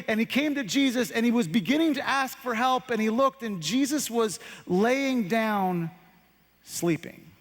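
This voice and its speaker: A man preaching a sermon as pastor, telling a story dramatically, slowing down and dropping his voice for effect. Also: very high-pitched, a bit bright. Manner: dramatic, slows and drops voice for effect. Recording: long hall reverb.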